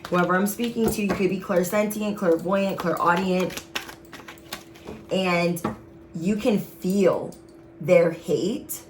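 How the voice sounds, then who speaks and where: A woman with a fairly low voice gives a casual tarot reading to her viewers. She talks to them directly, sassy and emphatic. Faint noise sits under her voice. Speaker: tarot reader.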